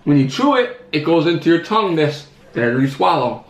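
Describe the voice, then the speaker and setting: Man, teasing, lecturing, animated pitch, echoey room. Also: normal speed. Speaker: vlogger's partner. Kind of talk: casual chat. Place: home, indoors. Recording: echoey room, faint noise.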